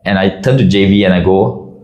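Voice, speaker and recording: A man from Singapore telling a personal story about army life in an expressive, conversational way. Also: sits low, fairly quick. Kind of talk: personal anecdote narration. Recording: echoey room.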